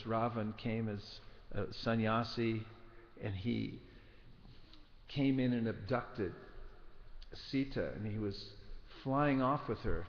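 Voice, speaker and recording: A man giving a scripture class, telling a story in an earnest, measured way. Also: mid-range voice. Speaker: spiritual teacher. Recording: dull recording in a reverberant hall.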